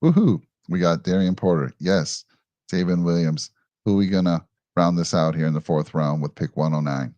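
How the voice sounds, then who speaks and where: Deep-voiced man hosting upbeat sports chat. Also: fairly even intonation, moderate pace, darkish tone, no echo, lo-fi sound. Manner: upbeat, leads the show and reads viewer questions. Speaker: host.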